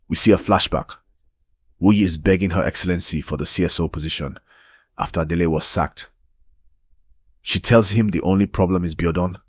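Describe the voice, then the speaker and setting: Male recap narrator, very deep voice, dry close sound, gossipy and dramatic. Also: normal speed, pauses often, breathy edge, dry recording. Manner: dramatic, gossipy, addresses listeners as "my people".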